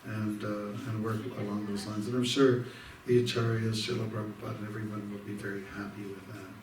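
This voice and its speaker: A Canadian monk gives an informal devotional talk in the evening, rambling through stories with many fillers and restarts. His voice is fairly low and level, a bit fast, recorded from a distant mic in a roomy hall with faint background noise.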